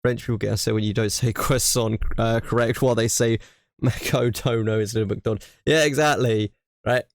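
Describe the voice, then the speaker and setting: An English man chatting on a stream, close to the mic in a dry room. He rants with animated emphasis, circling back over the same point, while his voice sits mid-range. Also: medium pitch, normal speed, no echo. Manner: ranting, animated, repeats himself. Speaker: streamer reacting to a video. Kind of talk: casual reaction chat.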